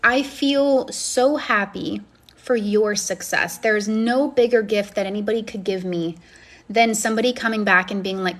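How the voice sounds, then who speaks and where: A woman's voice: mid-range voice, normal speed, fairly bright tone, a little hiss or hum. A woman coaching and chatting on a phone live stream, effusive and encouraging as she answers comments. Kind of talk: casual live-stream chat, reading comments.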